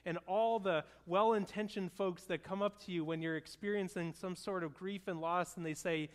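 A man's voice: high voice, moderate pace, hardly any pauses. A man in his thirties, a pastor preaching a sermon in an earnest, conversational storytelling way. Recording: long hall reverb.

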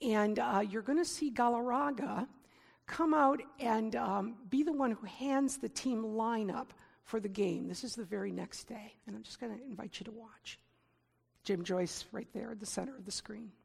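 A woman giving a sermon in a conversational, self-deprecating way, getting animated when she gives examples. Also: on the high side, normal speed, creaky, breathy edge, long reverb tail. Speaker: preacher.

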